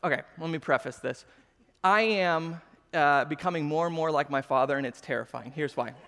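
High-voiced pastor in a reverberant hall. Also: male voice, normal speed. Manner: animated, self-mocking humor. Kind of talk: sermon with personal storytelling. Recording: long reverb of a large hall.

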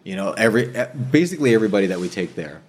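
A man hosting a casual chat, telling a story with energy, swearing and acting out what others said. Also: on the low side. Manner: animated, slangy storyteller who swears and says dude and bro; acts out others' words in quick asides.

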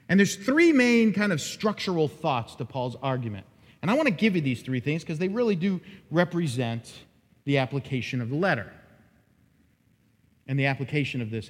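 An animated man preaching in a church, his high voice leaping up and down as he acts out the lines he quotes. His tone is husky, and a long reverb from the large hall trails behind every phrase. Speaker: pastor. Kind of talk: expository sermon. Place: church sanctuary.

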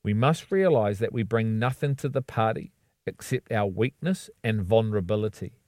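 A man giving a scripted devotional reading in an earnest, measured way, stressing key words. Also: lowish voice, a little mellow, dry recording, clean studio sound. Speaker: devotional book reader.

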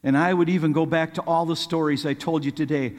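A man's voice: on the high side, steady tone, fast talker, big-room sound. A man preaching a sermon, earnest and rising to fervent pleading as he quotes scripture.

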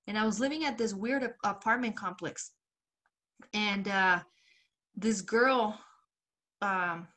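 A woman's voice: medium pitch, fairly bright tone. A young woman co-hosting a podcast, rambling through stories in a casual chat, swearing and laughing often. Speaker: podcast co-host.

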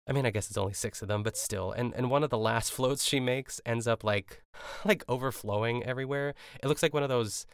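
Male podcast host, low gravelly voice, rambling and chatty, dry close mic. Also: no echo. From Pittsburgh. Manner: chatty, rambling, laughs often, lots of fillers. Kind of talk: casual solo recap podcast.

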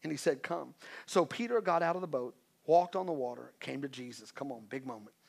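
A man preaching a sermon in a conversational way, with joking asides and swings from quiet to loud. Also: medium pitch, a little fast, vocal fry. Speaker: pastor.

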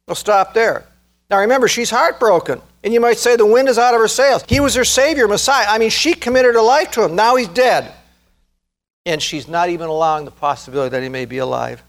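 Male preacher, high-pitched, earnest sermon delivery that slows and swells for emphasis. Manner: earnest, rising to fervent emphasis, slows to stress key words. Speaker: pastor.

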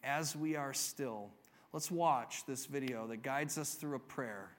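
A man, a pastor, preaching a sermon and telling a story, moving from emphatic peaks to a soft, quiet close. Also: mid-range voice, a little slow, slight background noise.

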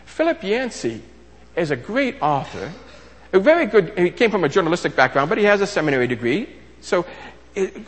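A man's voice: on the high side, big-room sound. A man preaching a sermon in a conversational teaching style, asking rhetorical questions and restarting phrases.

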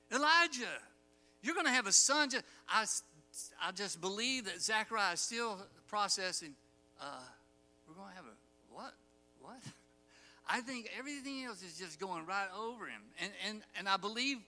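Bright-voiced preacher in a reverberant hall. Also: male voice, high-pitched. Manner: animated storytelling, acts out quoted lines, chuckles. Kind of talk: sermon. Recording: long hall reverb, faint music.

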